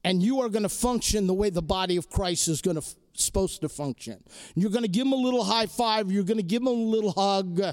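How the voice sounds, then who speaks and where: A man's voice: high voice, brisk. A man preaching a sermon to students and faculty, earnest and exhorting, repeating key phrases and ending in prayer. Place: crowded hall or chapel.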